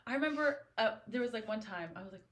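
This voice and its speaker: A woman's voice: on the high side, expressive, quick pace, a bit bright. A young adult woman co-hosting a podcast, chatting casually and emotionally about a novel and reading passages aloud. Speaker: podcast co-host. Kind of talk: casual book discussion.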